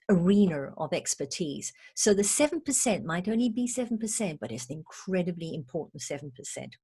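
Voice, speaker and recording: A woman's voice: lowish voice, darkish tone, husky. A woman communication trainer giving a recorded lesson, emphatic and playful in a teacherly way.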